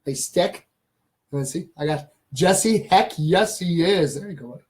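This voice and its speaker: A man's voice: high voice, expressive, a little slow, a little mellow. A man hosting a casual live stream, easygoing and reassuring as he reads viewer comments. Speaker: host.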